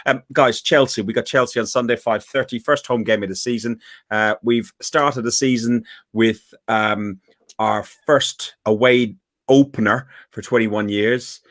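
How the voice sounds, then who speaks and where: A man's voice: medium pitch, steady tone, unhurried, fairly bright tone, dry recording, studio quality. A man hosting a casual football podcast, telling rambling stories full of fillers. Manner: rambling anecdotes with many fillers. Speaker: podcast host.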